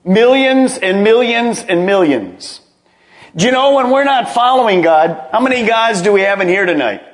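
A man's voice: high voice, lively intonation, moderate pace. A middle-aged male pastor preaching a sermon, emphatic and calling on the congregation to repeat phrases after him. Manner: emphatic, calls for congregation responses.

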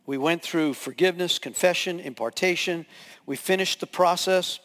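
A man preaching as a pastor, telling a story with lively acted-out scenes and voices. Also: a little high, moderate pace. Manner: animated, acts out scenes with voices. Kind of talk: sermon storytelling. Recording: long hall reverb.

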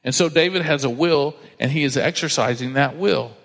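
A man's voice: a little high, normal speed, gravelly, a bit bright, in a large hall. A married man with children preaching a sermon, reading scripture aloud and acting out the voices of the people he quotes. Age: adult, married with children. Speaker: pastor.

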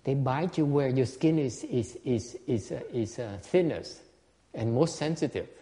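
Male Vietnamese monk teacher, native Vietnamese, lively stammering talk, dark tone, reverberant hall. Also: medium pitch, unhurried. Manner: animated, laughing, stammers and repeats words. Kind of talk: casual dharma talk.

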